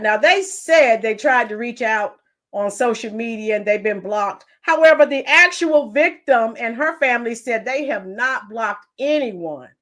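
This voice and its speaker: A woman's voice: on the high side, fairly bright tone. A woman hosting a live commentary stream, giving opinions and greeting chat viewers by name. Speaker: livestream commentary host.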